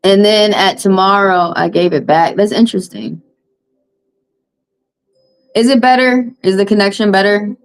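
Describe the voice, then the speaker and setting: A woman's voice: mid-range voice, fairly even intonation, moderate pace, long pauses, low-quality recording. A woman with a Southern US accent, a tarot reader venting bluntly and heatedly to her livestream viewers on a phone mic, repeating her points.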